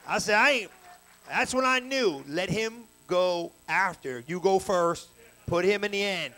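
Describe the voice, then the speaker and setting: A man preaches at a church service, his voice sitting notably high for a man. He tells stories in loose, slangy talk and builds to loud, energetic bursts. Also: measured pace, low-quality recording. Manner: colloquial, story-telling preaching with slang. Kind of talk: sermon.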